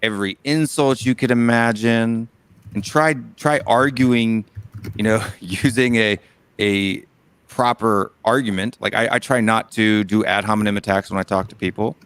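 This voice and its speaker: A man's voice: fairly low pitch, fairly even intonation, moderate pace, a bit bright, smooth, no echo. A man with an American Southern accent, co-hosting a casual debate chat and making his case earnestly with many restarts.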